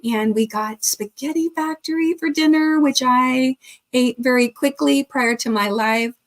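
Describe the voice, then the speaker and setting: A woman's voice: high voice, measured pace. A woman hosting a casual live stream, chatting and reading viewer comments aloud, laughing often.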